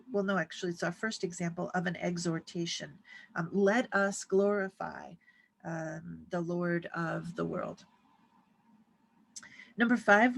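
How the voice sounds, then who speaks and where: A woman giving a recorded grammar lecture, explaining step by step and slowing down to read out Greek phrases. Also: on the low side, vocal fry, low-quality recording. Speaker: Greek teacher.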